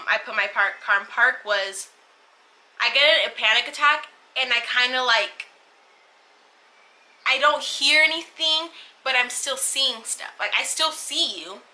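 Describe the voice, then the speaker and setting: Bright-voiced young woman telling a story. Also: a little high, rough recording. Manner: emotional, rambling retelling with many fillers and restarts. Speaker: vlogger. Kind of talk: casual storytime vlog.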